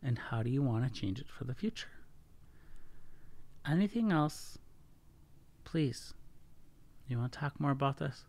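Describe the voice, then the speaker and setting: A man's voice: mid-range voice, expressive, a little slow, pauses often, darkish tone. A middle-aged man hosting a casual solo podcast, talking earnestly and often correcting himself mid-sentence. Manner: earnest, self-correcting, stumbles over words. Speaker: podcast host.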